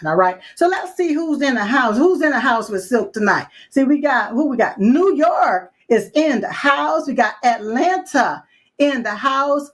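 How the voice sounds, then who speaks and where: A woman's voice: a little high, lively intonation, moderate pace. A woman hosting a live-stream chat show, talking in a sassy, folksy way with lots of call-outs and asides. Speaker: show host.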